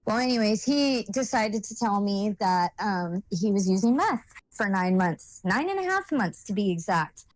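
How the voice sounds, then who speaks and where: A woman's voice: mid-range voice, lively intonation, moderate pace, no room sound. A woman speaking as a guest and telling a personal story in a blunt, rambling way, with lots of fillers and swearing.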